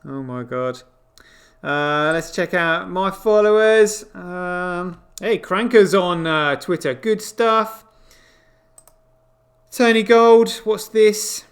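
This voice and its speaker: Incredulous high-voiced man. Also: slow. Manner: exclaiming, incredulous, swearing asides. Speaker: crypto show host. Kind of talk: casual live commentary on screen.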